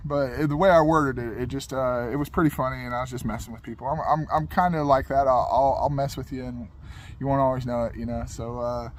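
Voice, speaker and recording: A man's voice: medium pitch, steady tone, brisk, a little hiss or hum. A young man casually telling a funny personal story in a rambling, repetitive, laid-back way.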